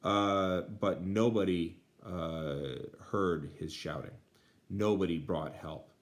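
Man teacher, translating a text aloud, lots of fillers, low voice. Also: takes it slowly. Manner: many uh fillers, dry asides. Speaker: Latin teacher.

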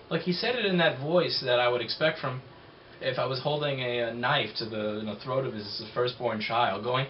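A man's voice: mid-range voice, expressive, fairly quick, lo-fi sound, slight background noise. A man who owns a repair shop tells a story in a casual, blunt and profane rant, full of sarcasm.

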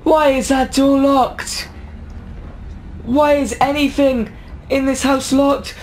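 A man's voice: extremely high pitch, little pitch movement, takes it slowly, a little hiss or hum. A young man commenting on a horror video game, jumpy, yelping and talking back at the characters. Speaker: gaming YouTuber.

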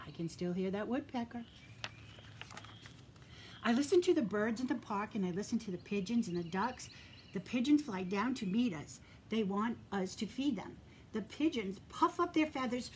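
Gentle teacher reading aloud to children. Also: female voice, on the high side, animated, moderate pace, slight background noise. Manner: gentle and encouraging, addresses children directly; drops to a soft whisper for quiet moments. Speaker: preschool teacher. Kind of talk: reading a picture book aloud to young children.

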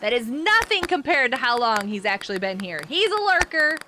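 A young woman chatting excitedly with viewers as she streams a game. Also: on the high side, moderate pace. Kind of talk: live gameplay commentary. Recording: game music behind. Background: game music.

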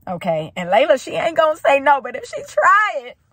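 Woman reaction host, excitable and profane, highish voice, dry close sound, talking from a car. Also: brisk, dry recording. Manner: excitable, gushing, swears freely. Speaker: video host reacting to a TV show. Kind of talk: casual reaction commentary.

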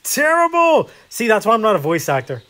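A man's voice: sits high, expressive, fast, fairly bright tone. A man hosting a casual gameplay video, chatting in a rambling, self-deprecating way with lots of fillers. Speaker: gaming video host.

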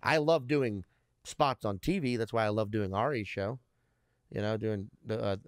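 A man's voice: on the low side, moderate pace, no echo, studio quality. A man in his thirties, a comedian guest, telling rambling stories in casual interview chat and swearing constantly. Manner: heavy swearing, rambling storyteller.

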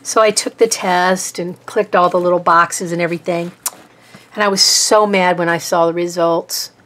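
Woman, Norfolk Virginia accent, rambling casual chat, lower pitched voice, sounds a bit tired. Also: fairly even intonation, moderate pace, a bit bright. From Texas. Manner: rambling, chatty, self-deprecating. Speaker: art vlogger. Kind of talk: casual chat while painting.

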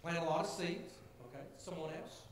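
Man, pastor, earnest conversational sermon, fairly high voice, very echoey church hall, faint hiss. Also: fairly even intonation, brisk. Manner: earnest, conversational preaching with rising emphasis. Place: church sanctuary.

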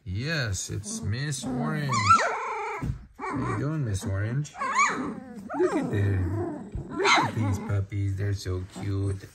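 A man's voice: lowish voice, wildly swooping pitch, slow pace, long pauses. A man filming his dog's puppies, talking to them in cooing baby talk between casual narration. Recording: loud background noise. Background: puppies and dogs.

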